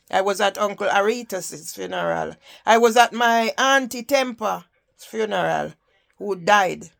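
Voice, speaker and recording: An older woman with a Jamaican accent gives an impassioned personal testimony as a campaigner telling her story, often checking in with the listener by asking "Yeah?" Her mid-range voice is a bit bright with some vocal fry.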